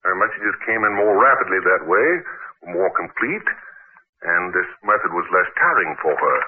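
An actor playing an effusive old-fashioned society gentleman who believes in a medium, in 1940s radio acting style, theatrical and gushing. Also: low voice, expressive, normal speed, a little hiss or hum. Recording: tinny old radio broadcast recording.

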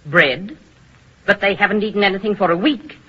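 An actress playing an uneasy, obedient nurse who answers reluctantly, in 1940s radio acting. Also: female voice, medium pitch, moderate pace, fairly bright tone, breathy edge. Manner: nervous and reluctant. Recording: muffled old radio broadcast.

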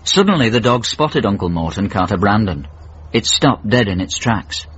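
A man narrates a radio drama in a dry, wry storytelling manner. His voice is low and husky, and the broadcast recording sounds slightly dull. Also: expressive, moderate pace, fairly bright tone. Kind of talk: scripted narration.

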